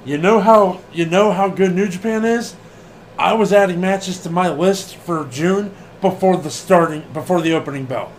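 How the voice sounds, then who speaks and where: A man co-hosting a casual wrestling podcast, animated and laughing often, swearing freely and acting out what people said. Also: sits high, normal speed, slight background noise. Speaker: podcast co-host.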